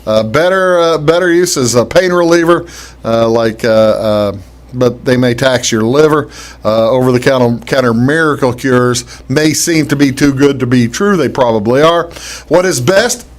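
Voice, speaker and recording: A man hosting a casual talk show, chatting in a halting way with many fillers and restarts. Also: medium pitch. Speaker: host. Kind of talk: casual radio-style talk show chat.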